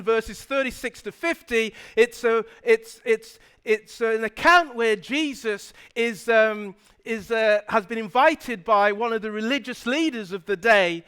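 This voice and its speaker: A male pastor retelling a story in a sermon in a church, animated, with frequent restarts. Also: very high-pitched, clear, resonant tone.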